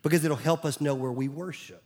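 A man's voice: on the high side, brisk, darkish tone, husky. A man, preaching a sermon as pastor in a conversational way, sometimes dropping to a near-whisper. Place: church stage.

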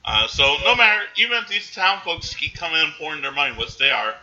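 A man casually recapping a movie in animated chat, jumping into the characters' voices now and then. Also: fairly high pitch, dull audio. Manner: animated, acts out characters in quick bursts.

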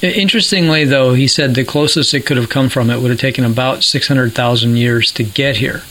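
A man's voice: mid-range voice, brisk, a bit bright, poor audio. A man explaining things in a casual podcast chat, with jokey asides.

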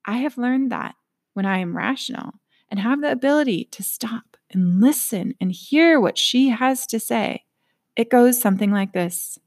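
A woman's voice: a little high, animated, normal speed, vocal fry, darkish tone. A woman giving a reflective motivational talk, earnest and candid, sometimes dropping to a near whisper.

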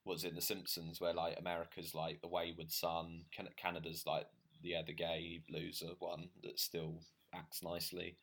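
A man's voice: deep voice, completely flat delivery, moderate pace, fairly bright tone. A man co-hosting a podcast, chatting casually in a joking, rambling, self-mocking way. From Britain. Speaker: podcast co-host. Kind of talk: casual chat.

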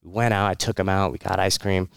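A man's voice: sits low, steady tone, fast, gravelly, fairly bright tone, clean tone, no echo, clean studio sound. A man, a military veteran, telling his personal story in a candid, rambling way, with many fillers, restarts and short laughs.

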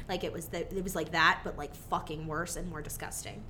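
A woman co-hosting a casual movie review chat, animated and sarcastic, swearing freely. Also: low voice, fairly quick, slight background noise. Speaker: podcast co-host.

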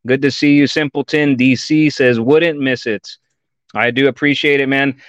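Casting note: upbeat male host, smooth clean tone, dry close mic. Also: medium pitch, fairly even intonation, a little fast, fairly bright tone, dry recording, dull audio. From Texas. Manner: enthusiastic and chatty, says dude and y'all. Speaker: podcast host. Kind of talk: live-stream interview.

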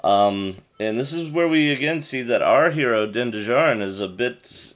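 Animated man recapping a show. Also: mid-range voice, moderate pace. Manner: retells scenes with quoted lines, animated and jokey. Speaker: podcast co-host. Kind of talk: casual recap chat.

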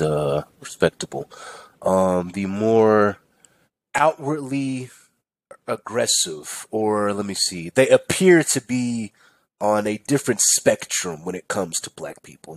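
A man's voice: on the low side, dry recording. Profane, rambling man telling a story. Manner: profane, rambling, venting with mock-quoted rants. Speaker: podcast host. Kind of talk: casual storytelling monologue.

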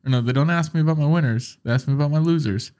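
A man's voice: a little high, rapid-fire, darkish tone. Rambling joking man on a podcast. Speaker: podcast host. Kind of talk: casual chat.

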